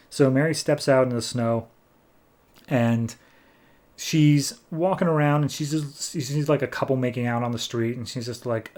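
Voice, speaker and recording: A man's voice: mid-range voice, normal speed, darkish tone. A man hosting a podcast, retelling a comic issue in a casual, rambling way with many fillers. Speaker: podcast host. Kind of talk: casual comic book recap.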